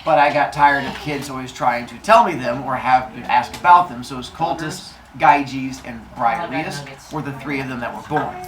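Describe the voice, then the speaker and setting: A man's voice: medium pitch, moderate pace, hardly any pauses, fairly bright tone. A man teaching a class of children, retelling a myth in a playful, jokey way with silly sound effects. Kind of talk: storytelling lesson to children.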